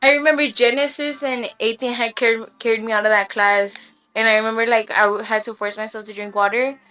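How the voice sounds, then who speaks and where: A woman's voice: a little high, steady tone, fairly quick, sharp tone. A young woman telling wild stories on a casual podcast, slangy and full of swearing, laughing as she goes. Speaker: podcast guest. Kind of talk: casual storytelling. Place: small room with podcast lights and mic.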